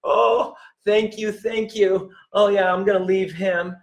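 A sassy young woman gushes in a high, breathless voice, as a man puts her on mid-talk. She sounds thrilled and validated, and her words tumble out eagerly. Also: little pitch movement, takes it slowly. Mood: gushing.

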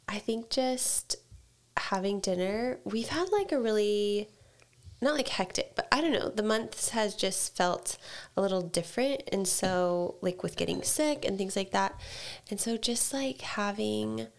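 A woman co-hosting a casual home podcast, speaking gently and laughing often, her voice congested as she recovers from illness. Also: medium pitch, unhurried. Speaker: podcast co-host. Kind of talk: casual chat. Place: home dining room table.

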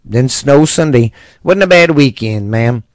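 A laid-back man from Texas rambles through friendly podcast talk, swearing casually. His pitch is average for a man. The recording is dry and close, with no echo. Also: animated, measured pace. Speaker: podcast host.

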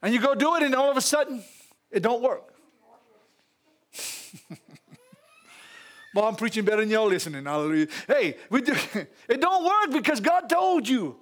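A male pastor with a Louisiana Southern accent, preaching a sermon in a church with animated call-outs and laughing asides to the congregation. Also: extremely high pitch, moderate pace, long pauses.

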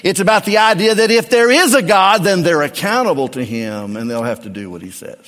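A middle-aged man, a pastor, preaching a sermon with emphatic swings between raised and hushed delivery. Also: high voice, lively intonation, fairly quick, long reverb tail.

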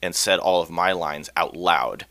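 Chatty low-voiced man. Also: unhurried, pushed and bright, dry recording. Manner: chatty, laughs often, acts out quoted voices. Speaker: community theater actor, guest. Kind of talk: casual interview chat.

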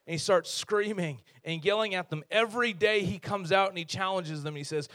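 A male pastor preaching a lively, conversational sermon with humorous storytelling. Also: high voice, a little fast.

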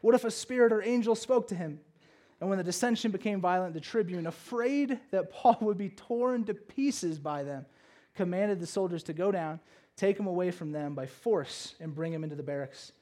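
High-voiced animated male preacher. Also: moderate pace. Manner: animated, swings between loud emphasis and hushed low delivery; conversational asides with frequent "okay?" and "right?". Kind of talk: sermon.

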